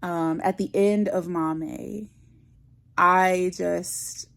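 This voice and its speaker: A woman's voice: fairly low pitch, steady tone, extremely slow, creaky. A woman chatting casually in a book vlog, effusive and gushing, full of "like" fillers. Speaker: book vlogger. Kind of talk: casual reading vlog chat.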